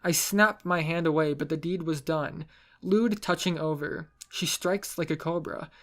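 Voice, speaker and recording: A man's voice: a little high, unhurried. Man, storyteller, wry, self-mocking, first-person narration.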